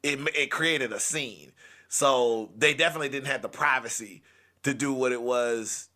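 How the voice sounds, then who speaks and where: A young man doing stand-up storytelling, animated and switching into loud, angry put-on rants. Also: medium pitch, normal speed. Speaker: comedian telling a story.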